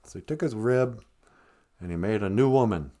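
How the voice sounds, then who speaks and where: A man's voice: on the low side, normal speed. A man telling a rambling comic story on a live stream, with offhand asides. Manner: rambling, animated, chuckling asides.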